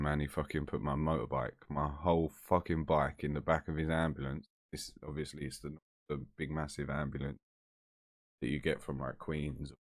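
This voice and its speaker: A man's voice: very deep voice, no room sound, studio quality. A man telling a story to camera in a blunt, chatty, heavily sweary way. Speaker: vlogger.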